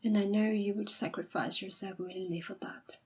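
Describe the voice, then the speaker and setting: Jilted young woman, dignified and quiet, breathy husky timbre, as voiced by a woman reader. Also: medium pitch, steady tone, moderate pace, natural voice. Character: jilted young woman, proud and self-sacrificing. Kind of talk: audiobook reading.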